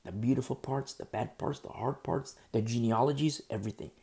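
A man preaching verse by verse, earnest and rambling, stumbling over hard names and pausing often because his throat is sore. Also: mid-range voice, vocal fry, a little mellow. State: sore throat, pauses to drink tea. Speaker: pastor. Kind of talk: verse-by-verse Bible teaching.

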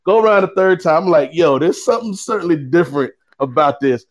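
Male co-host, animated raconteur, fairly high pitch, mimics characters as he tells it. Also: fairly quick, highs cut off. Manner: lively, acts out quoted voices with big pitch swings. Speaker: guest co-host. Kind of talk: animated storytelling.

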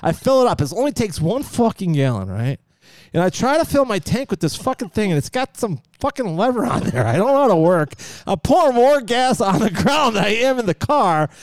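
A man co-hosting a podcast, telling a rambling, profane story with laughs, loud outbursts and mumbled asides. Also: high voice, a little fast, no room sound, clean studio sound. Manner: animated, swearing, laughing storyteller. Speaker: podcast co-host. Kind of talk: casual storytelling chat.

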